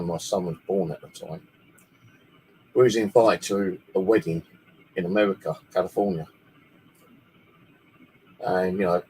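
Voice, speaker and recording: A man's voice: low voice, a little mellow, slight background noise, poor audio. A man from the UK, telling a long story in a casual, rambling way and swearing freely, speaking alone in his bedroom. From United Kingdom. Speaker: paranormal channel host.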